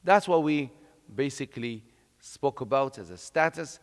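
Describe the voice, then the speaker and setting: A man's voice: medium pitch, lively intonation, normal speed. Man lecturing in an echoing hall. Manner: conversational, explanatory, with frequent "uh" and "you know". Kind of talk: religious lecture. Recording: long reverb of a hall.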